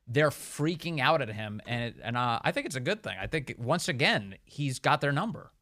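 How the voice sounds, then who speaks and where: A man's voice: medium pitch, animated, moderate pace, few pauses, sharp tone. A man hosting a talk radio show, speaking emphatically and mocking opponents with quoted voices.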